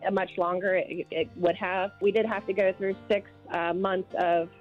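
A woman calling in by phone, talking earnestly and haltingly, on the edge of emotion. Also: mid-range voice, little pitch movement, soft background music. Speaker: caller, mother of the child. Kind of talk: casual phone chat. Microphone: phone line. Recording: dull phone-line audio.

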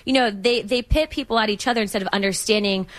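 A woman's voice: mid-range voice, fast talker. A young American woman, a guest on an interview show, telling personal stories in a rambling, casual way with many fillers and frequent laughs. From United States. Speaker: congressional candidate, guest.

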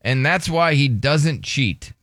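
A man's voice: medium pitch, expressive, takes it slowly, fairly bright tone, dry recording. Joking male radio host, dry studio sound. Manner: joking, teasing, prompts co-host with questions. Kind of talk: casual morning radio banter.

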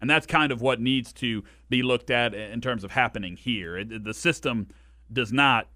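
A man's voice: mid-range voice, moderate pace, sharp tone, no echo, clean studio sound. A man co-hosting a casual sports podcast, talking at length with frequent restarts and firm opinions. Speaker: co-host.

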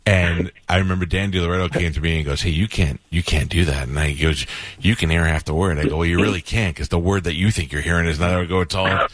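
A man with a New York accent hosting a radio show, telling stories in an animated way with quick laughs. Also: low voice, dry recording. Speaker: radio host. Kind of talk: casual radio chat.

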